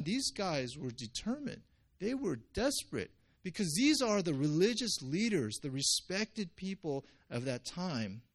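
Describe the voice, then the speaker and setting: A male pastor giving a conversational sermon, jumping his pitch up when he acts out quotes.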